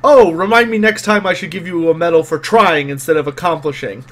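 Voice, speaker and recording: Give me a man voicing a surly, sneering deckhand with a growl and a slightly high voice. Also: moderate pace, natural voice. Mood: irritated. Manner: growling, contemptuous. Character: surly grumpy male ship's deckhand with a whip.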